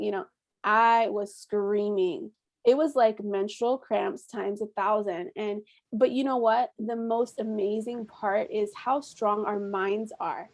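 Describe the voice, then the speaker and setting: A young woman with a somewhat high voice tells her story as a workshop host. She talks in a chatty, animated way, acts out what people said, and laughs often. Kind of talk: casual storytelling.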